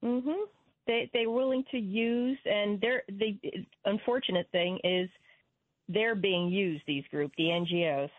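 Measured woman on a phone line. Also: mid-range voice, dry recording. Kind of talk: talk radio commentary.

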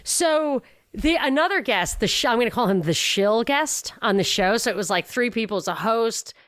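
A woman hosting a podcast, chatting casually and retelling a story with lively quotes. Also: a little high, moderate pace, dry recording. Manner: animated retelling, quoting others, frequent laughs. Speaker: podcast host. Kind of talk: casual commentary chat.

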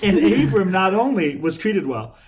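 A man, a podcast co-host, reads scripture aloud briskly and matter-of-factly. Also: high voice, very animated, slight background noise. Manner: brisk, matter-of-fact reading.

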